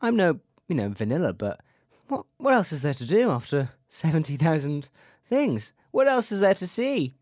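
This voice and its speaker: A woman's voice: deep voice, big pitch swings, moderate pace, hardly any pauses, a little mellow, no echo. A woman co-hosting a podcast in casual chat, throwing in dry, teasing one-liners, recorded remotely over a video call. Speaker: podcast co-host.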